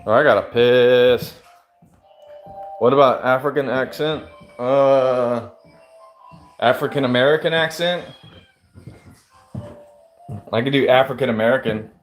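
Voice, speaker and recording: A man's voice: medium pitch, unhurried, long pauses, soft background music. Give me a man in a casual livestream, reading out viewer questions and answering them bluntly. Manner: offhand, blunt and crude, reads questions aloud. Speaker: farmer streaming to chat.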